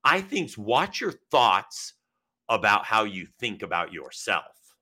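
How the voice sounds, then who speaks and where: Bright-voiced, animated male host. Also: fairly low pitch, slow pace. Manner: animated, frequent restarts and acted-out quotes. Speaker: podcast host. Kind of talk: casual interview chat.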